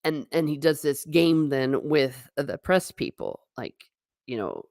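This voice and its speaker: On a live stream, a low-voiced woman reviews a TV show in a slow, chatty way, animatedly acting out the characters' lines as she retells scenes. The sound is dry and close, with no room echo.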